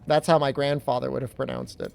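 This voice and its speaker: A man's voice: medium pitch, fairly even intonation, fast talker, creaky, darkish tone, clean tone. A man from New England chatting casually as a game streamer, rambling with lots of filler words and frequent chuckles. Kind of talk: casual chat while gaming.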